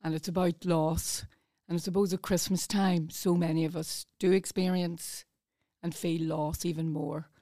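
A woman reads a poem aloud with a mellow, fairly low voice. Her delivery is soft and earnest. She is recorded close on a studio microphone with a dry sound. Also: little pitch movement, normal speed, dry recording. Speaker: community volunteer reading a poem. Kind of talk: reading poetry aloud.

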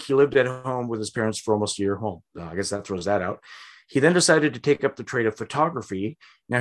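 A man hosting a casual podcast, recounting a history and acting out quoted lines with lively, exaggerated voices. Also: mid-range voice. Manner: animated, acts out quotes with big voices. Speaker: podcast host.

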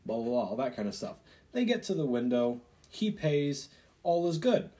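A man's voice: mid-range voice, very animated, moderate pace, mellow. A young man co-hosting a podcast, telling work stories in casual chat and swearing freely. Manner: swears a lot, acts out customers in retold scenes. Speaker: podcast co-host.

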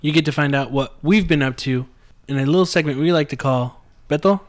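A man's voice: mid-range voice, a little fast. A man hosting a casual podcast with friends, joking and laughing often. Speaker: podcast host. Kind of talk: casual chat.

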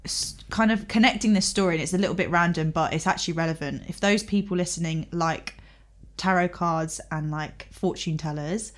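A woman's voice: lowish voice, fairly quick. A woman in her twenties co-hosting a podcast, telling a personal story in casual chat and acting out the voices of the people in it. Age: 20s. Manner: animated storyteller, acts out quoted dialogue. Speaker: podcast co-host.

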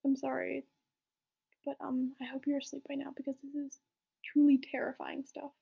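A woman's voice: high voice, monotone, a little fast, gravelly, muffled recording. A young woman reading a fan story aloud in a whispery voice, with amused asides. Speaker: reader.

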